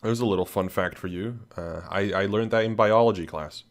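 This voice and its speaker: Speaking a little fast in a lowish voice, a young channel host walks through a laid-back screen-share recap. He's worn out and yawns, wandering off track, restarting sentences and leaning on fillers.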